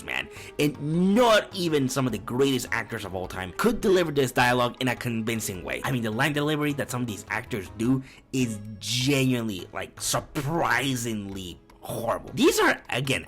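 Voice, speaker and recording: A man's voice: medium pitch, fairly bright tone. A young man giving a casual, profane film review, laughing often as he rants.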